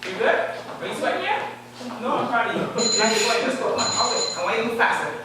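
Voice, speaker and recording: An energetic woman coaches a group through a live workout, counting down and cheering them on. She sounds far from the mic in a very echoey room. There is noise in the recording. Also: fairly high pitch, racing. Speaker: fitness instructor. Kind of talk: leading a live exercise demo.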